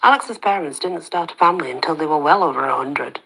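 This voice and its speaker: Lady doing a deep raspy young guy, low and quiet, steady, protective. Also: fast, heavily acted, poor audio. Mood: explaining. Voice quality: deep rasp. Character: young man, calm, protective love interest.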